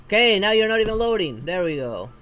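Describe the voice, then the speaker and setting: A woman's voice: medium pitch, very animated, fast talker, a bit bright. A woman from Argentina, streaming a gacha game and ranting in frustration with lots of swearing.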